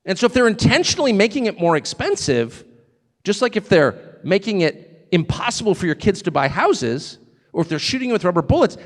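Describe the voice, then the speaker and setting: A man's voice: sits high, sing-song, a little fast, in a large hall. A man giving a live stage speech, emphatic and joking, often drifting off on digressions. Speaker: guest speaker at a live event.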